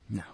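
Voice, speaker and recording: A man hosting his own show, ranting in an exasperated, opinionated way, with loud outbursts that drop to mutters. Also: no echo, clean studio sound. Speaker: show host. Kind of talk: opinionated political commentary.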